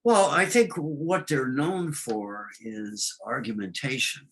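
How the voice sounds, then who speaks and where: A man's voice: medium pitch, slow pace, rough recording. Rambling man explaining astrology. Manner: storytelling, hesitant with fillers. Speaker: astrologer guest. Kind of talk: casual explanatory talk.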